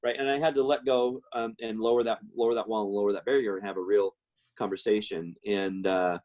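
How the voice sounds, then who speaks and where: A man's voice: lowish voice, fairly even intonation, a little fast, darkish tone. A middle-aged man telling a personal story in a rambling way, with many fillers and restarts. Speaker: guest speaker.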